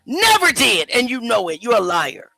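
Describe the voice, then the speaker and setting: Heated woman host, lively swooping voice. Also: fairly high pitch, normal speed, gravelly, no echo, faint music behind. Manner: emotional, confrontational ranting. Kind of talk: heated livestream commentary.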